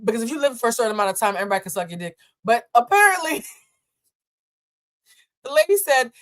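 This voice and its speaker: Animated, profane woman from Boston. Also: fairly high pitch, fast. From Boston, USA. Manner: animated, profane, blunt, laughs often. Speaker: host reacting to a viral clip. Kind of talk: live-stream commentary.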